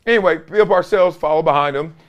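A man's voice: on the high side, fairly quick, muffled recording. A man in his forties hosting a casual sports talk show, telling stories with slangy, emphatic energy and frequent laughter. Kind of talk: casual sports commentary with storytelling.

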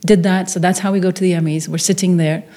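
A woman's voice: on the low side, fast talker. A middle-aged woman from Norway, a filmmaker guest, telling a story in an interview and acting out the people she quotes. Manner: animated storyteller, acts out quoted voices.

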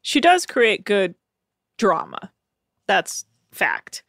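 A woman's voice: mid-range voice, very animated, extremely slow, a bit bright, no echo, clean studio sound. A woman co-hosting a casual talk show, laughing often and recapping scenes with lots of "like". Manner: chatty, giggly, uses lots of "like". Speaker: podcast co-host.

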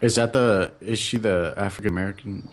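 A man on a fan panel talking in a halting way, restarting sentences often. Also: on the low side, slight background noise. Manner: halting, full of restarts and fillers. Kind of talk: casual panel chat.

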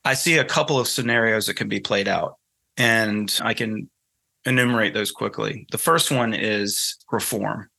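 A man's voice: lowish voice, normal speed, creaky, pushed and bright. A man with a Southern accent from North Carolina, a guest author explaining his ideas in a thoughtful, storytelling way during an interview. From North Carolina, USA. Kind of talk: conversational interview.

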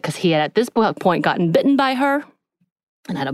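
A woman's voice: sits low, expressive, moderate pace, a little mellow, no echo. A young woman co-hosting a podcast, casually recapping a story and acting out the characters' lines. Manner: retells scenes, acting out character quotes. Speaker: podcast co-host.

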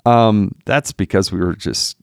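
A man's voice: on the low side, unhurried, creaky, dry recording, clean studio sound. A middle-aged man, a former politician, chatting as a podcast guest and telling stories with laughs and acted-out quotes. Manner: animated, laughs often, acts out quotes. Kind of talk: casual storytelling chat.

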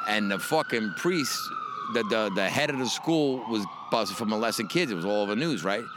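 A man's voice: lowish voice, expressive, a little fast. A middle-aged man from the Bronx with a New York accent, telling a rambling, profane story as a guest. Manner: rambling and profane, many restarts. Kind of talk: casual storytelling. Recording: noisy background.

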